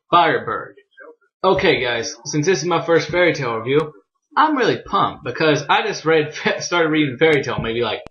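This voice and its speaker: A young man casually reviewing a manga chapter, excitable and profane, laughing often, on a dull lo-fi recording. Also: fairly high pitch.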